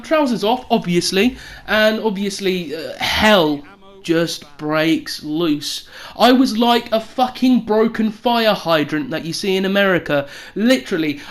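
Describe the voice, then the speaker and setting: Young woman, higher-pitched, sweary comic storyteller who acts out quotes loudly. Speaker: vlogger.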